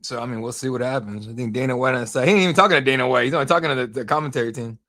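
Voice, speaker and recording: A young man hosting a live fight watch-along stream, rambling, excitable and profane in casual commentary. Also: medium pitch, racing. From United States.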